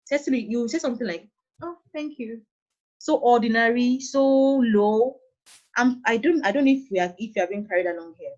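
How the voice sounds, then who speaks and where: Nigerian woman teacher, fairly high voice, steady and repetitive delivery, muffled recording. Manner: deliberate, repeats key phrases, demonstrates tones. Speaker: English teacher. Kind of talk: classroom lesson on intonation. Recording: dull lo-fi recording.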